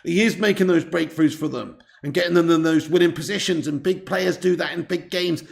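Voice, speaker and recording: A man's voice: fairly high pitch, fairly quick, vocal fry. A man, hosting a live football watch-along, chatting casually, reading out viewer comments and swearing freely. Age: 30s.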